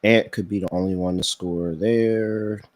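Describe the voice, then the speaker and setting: A man's voice: low-pitched, fairly even intonation, unhurried, darkish tone, no room sound. A man hosting a sports betting podcast in casual live-stream chat, thinking aloud and reacting to viewers' comments.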